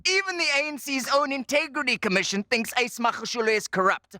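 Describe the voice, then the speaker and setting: Bright-voiced man firing political one-liners. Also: very high-pitched, expressive, a little fast, dry recording, studio quality. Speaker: stand-up comedian. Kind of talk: political stand-up jokes.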